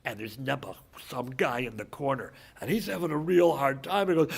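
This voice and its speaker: A man giving a rabbi's lecture, telling stories and acting out the characters, with frequent restarts and sudden shouts. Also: mid-range voice, a little fast, creaky, hardly any pauses, slightly rough. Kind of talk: animated storytelling lecture.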